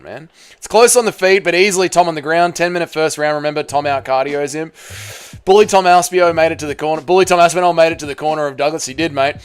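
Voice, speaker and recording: A man's voice: fairly high pitch, clear, resonant tone. A man with an Australian accent who streams live, chatting casually with his viewers and swearing freely. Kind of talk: casual livestream reaction chat.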